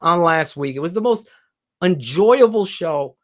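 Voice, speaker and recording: Man, somewhat high voice, sports podcast host, blunt, emphatic. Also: lively intonation, unhurried. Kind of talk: casual sports podcast chat.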